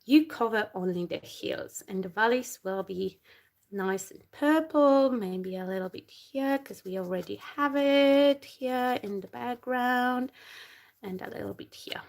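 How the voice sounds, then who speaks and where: Slow-talking woman with a non-native accent. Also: on the high side. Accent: non-native English. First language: not English. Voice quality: slushy sh sounds, slow and halting. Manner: chatty, laughs often, talks while working. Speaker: crafting live stream host. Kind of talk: casual craft demonstration.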